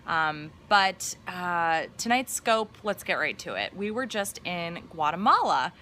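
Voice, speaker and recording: A young woman chats casually as co-host, teasing and chatty, her voice bright and lower than most women's. A faint hiss sits under the talk. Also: big pitch swings, measured pace. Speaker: podcast co-host. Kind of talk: casual live-stream chat.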